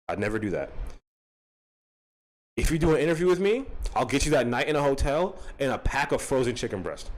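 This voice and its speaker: A man rants to his camera in a loose, profane, joking way. His pitch swings widely from low mutters to high outbursts, sitting around a middle register. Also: big pitch swings, fairly quick, long pauses. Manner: rambling, profane, jokey, breaks into laughter. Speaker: YouTuber. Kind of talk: casual joking rant to camera.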